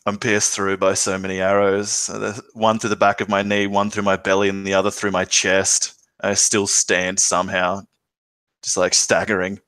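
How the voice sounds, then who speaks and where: A man's voice: sits low, monotone, normal speed, fairly bright tone, no room sound. A man playing a tabletop game, dramatically describing his character in first person. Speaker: player.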